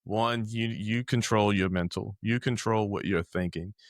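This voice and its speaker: Man, podcast host, low voice, enthusiastic, dry studio sound. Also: a little slow, dry recording. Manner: enthusiastic, energetic reactions. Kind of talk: casual interview chat.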